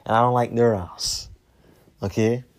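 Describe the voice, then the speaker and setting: A man telling a rambling story as a podcast host, heated and profane, repeating himself and trailing off low at the ends of lines. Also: steady tone, unhurried.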